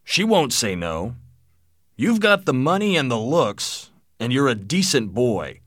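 A man voicing a blunt, wealthy old father who lectures his son forcefully, in a lively but dry-sounding reading. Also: mid-range voice, unhurried, no echo, voice pushed up.

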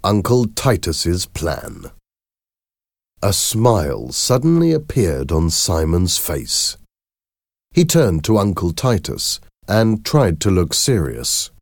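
Slow, deep-voiced male storybook narrator. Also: huge pitch swings, creaky, no room sound, studio quality. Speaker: audiobook narrator.

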